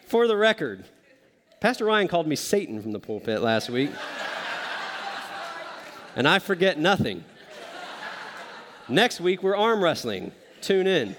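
A man's voice: a little high, sing-song, a little slow, long pauses, a bit bright, in a large hall. A man preaching a sermon in a conversational, self-deprecating way, often joking with the congregation. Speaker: pastor.

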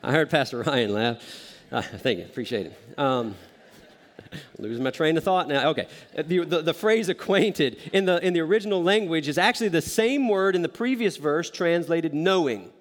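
Male pastor, slightly high voice, conversational sermon with self-deprecating jokes, hall reverb. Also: lively intonation, moderate pace.

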